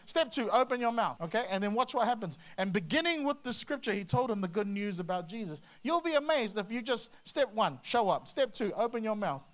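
A preacher giving an energetic, conversational sermon, with frequent restarts and acted asides. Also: mid-range voice, fairly quick, few pauses. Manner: lively, slips into acted quotes, many restarts.

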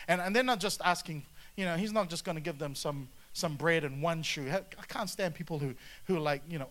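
A man delivers a lively sermon in a bright, forceful voice, pitched a little high for a man. He moves between scripture reading and animated asides, calling on the congregation to answer back. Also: a little fast, hardly any pauses. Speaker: pastor.

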